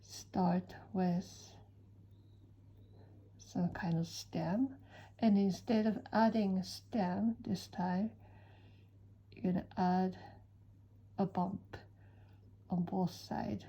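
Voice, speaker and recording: A woman giving a calm step-by-step drawing tutorial, soft-spoken and often dropping to a near whisper. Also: mid-range voice, drawn-out words, pauses often, breathy edge, rough recording. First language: Japanese. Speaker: certified drawing-art teacher.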